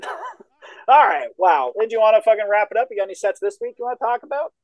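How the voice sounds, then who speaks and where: A man co-hosting a casual comedy podcast, excitable and teasing, swearing often. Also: high voice, fast, low-quality recording. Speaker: co-host, comedian. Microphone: remote call. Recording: dry remote call audio.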